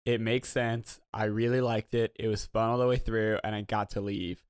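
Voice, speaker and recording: A man's voice: on the low side, little pitch movement, moderate pace, smooth, no room sound, studio quality. A man co-hosting a podcast in casual chat, emphatic and profane, riffing on movies and shows. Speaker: podcast co-host.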